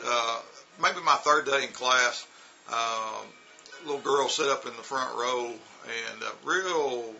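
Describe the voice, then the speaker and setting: A man's voice: mid-range voice, gravelly, pushed and bright, rough recording. A man casually telling stories about teaching, rambling with many fillers and restarts. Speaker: vlogger recounting teaching in China. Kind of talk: casual storytelling.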